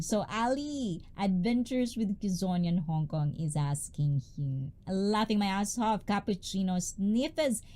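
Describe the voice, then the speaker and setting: A woman chats through a casual livestream, greeting viewers one after another. Her high voice swings widely in pitch, and its tone stays warm and mellow rather than sharp. She is loud, bubbly and talkative throughout. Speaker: livestream host.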